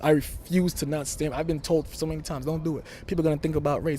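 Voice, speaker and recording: A man's voice: fairly high pitch, steady tone, quick pace, few pauses, warm tone, slight background noise. A young man from Brooklyn, talking brashly and emphatically as a wrestler guest in an interview. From Brooklyn, New York. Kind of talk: interview talk.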